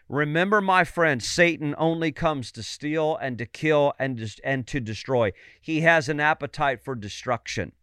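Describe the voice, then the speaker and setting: A male preacher delivering a fervent sermon, rising to loud, emphatic calls and asking listeners for amens. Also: fairly high pitch, normal speed, few pauses, smooth, no room sound, studio quality.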